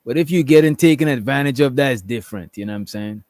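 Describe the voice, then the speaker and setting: A man's voice: medium pitch, quick pace, a little mellow, no echo, studio quality. A man in a casual panel debate, laid-back and slangy, laughing as he talks.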